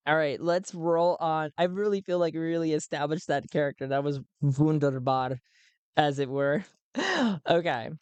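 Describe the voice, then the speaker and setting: A man's voice: fairly high pitch, steady tone, normal speed, a little mellow, clear, resonant tone, no echo, highs cut off. A man narrating his solo tabletop role-playing game, rambling and laughing at his own jokes.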